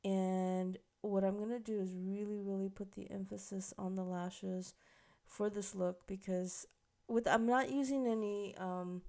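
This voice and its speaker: A woman's voice: on the low side, darkish tone. A woman makeup instructor giving a casual, chatty tutorial, explaining each step as she works on a model. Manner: chatty, explains while working, many fillers.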